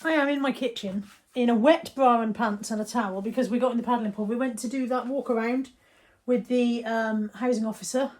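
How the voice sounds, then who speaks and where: A woman's voice: on the high side, steady tone, brisk, a little mellow. A woman chatting casually to camera in her home kitchen, self-deprecating and often dropping to a near whisper. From England. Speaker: vlogger. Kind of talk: casual daily vlog chat.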